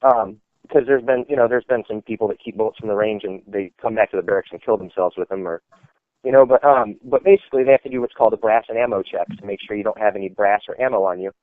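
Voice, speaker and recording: This army veteran speaks at a quick pace in a fairly low voice, telling loose, meandering stories peppered with "like" and "you know." There's no echo, just a thin, phone-style dry sound.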